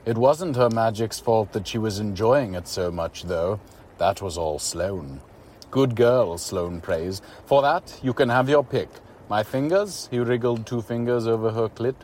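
A man's voice: fairly low pitch, darkish tone, a little hiss or hum. Man steadily narrating a story. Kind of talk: scripted narration of an erotic story.

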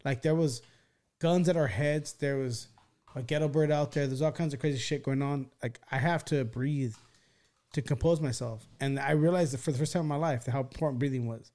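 This mid-range male voice moves at a brisk clip through a wild podcast story. The talk is rambling and profane, with frequent restarts, and he gets animated acting out the quoted voices.

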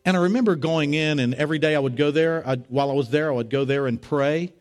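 A middle-aged man preaching as a pastor, telling a story with animated, rising voices for the people in it. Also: fast talker. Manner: animated, rising to high excited voices when retelling dialogue. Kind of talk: sermon storytelling.

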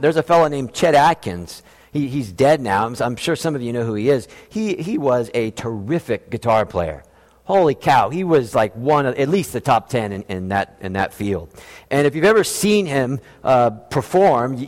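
A man preaching a sermon as a pastor, emphatic, slowing down to stress key phrases. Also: sits high, big-room sound.

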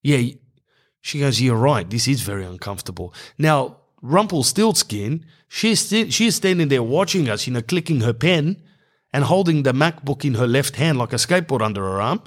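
A man's voice: fairly high pitch, normal speed. A man in his thirties with an Australian accent, telling a rambling casual story and calling the listener bro. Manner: animated, swearing, calls listener bro. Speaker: vlogger.

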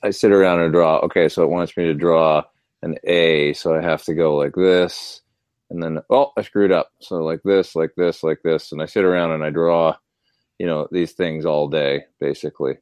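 A man's voice: extremely low pitch, fairly even intonation, moderate pace, a little mellow, clean tone, dry recording. A man chatting casually and at length, answering viewer questions about gear and hobbies. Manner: rambling, chatty. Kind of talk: casual chat.

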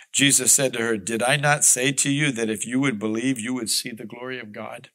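A man's voice: medium pitch, bright, forceful tone, rough recording. A male Bible teacher reading scripture aloud and then explaining it in an earnest, conversational way.

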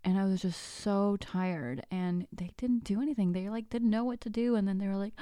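A woman in her thirties hosting a podcast, telling a personal story in a casual, animated way, acting out the dialogue and sometimes dropping to a whisper. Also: mid-range voice, moderate pace, dry recording, clean studio sound. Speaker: podcast host.

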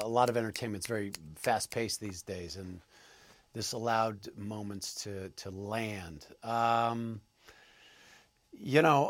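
Male actor guest, low-pitched, halting and thoughtful delivery, dry close sound. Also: fairly bright tone, no echo. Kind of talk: interview answers.

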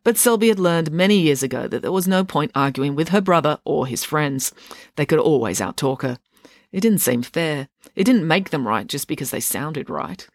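A woman author narrating a chapter of her own book in a wry, steady storytelling manner. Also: low-pitched, moderate pace, no room sound, studio quality. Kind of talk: audiobook narration.

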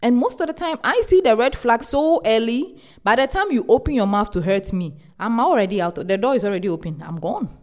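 A young woman hosting a podcast, giving casual relationship advice in an animated, emphatic way and repeating words for stress. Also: a little high, a little fast. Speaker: podcast host.

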